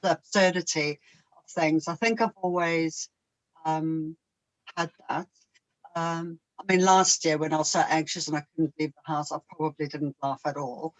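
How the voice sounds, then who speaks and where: A woman talking casually as a guest, chatty and quick to laugh. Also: low voice, steady tone, poor audio. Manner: chatty, laughs often, mimics others. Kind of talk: casual conversation.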